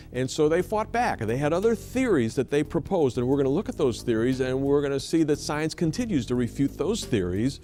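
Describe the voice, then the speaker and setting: A man's voice: medium pitch, a little mellow, slight background noise. A man hosting an interview, summarizing points directly and wrapping up the show. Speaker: host.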